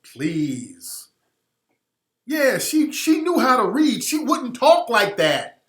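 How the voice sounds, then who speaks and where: A man's voice: extremely high pitch, very animated, unhurried, fairly bright tone. A man hosting a radio show, giving a blunt, emphatic monologue and repeating his points for effect. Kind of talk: impassioned monologue. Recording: roomy echo.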